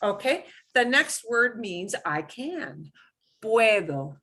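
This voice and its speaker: A woman's voice: a little high, very animated, a little slow, bright, forceful tone. A woman teaching a beginners' Spanish class, explaining pronunciation patiently and repeating words for students to echo.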